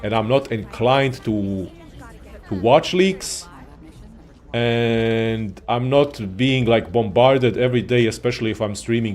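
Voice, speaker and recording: Male streamer, casual gaming talk, cursing, sarcastic rant, mid-pitched voice. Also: slow, a little mellow. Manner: profane, ranting, sarcastic.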